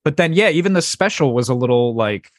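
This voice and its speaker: A man's voice: mid-range voice, lively intonation, fairly quick, dry recording, studio quality. A young man hosting a podcast, chatting casually with loose, profane, joking banter. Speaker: podcast host.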